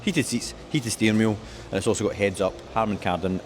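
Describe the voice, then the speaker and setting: A man with a fairly low voice and a brisk delivery presents cars at a dealership, joking around and listing specs with gusto. Slight background noise is audible.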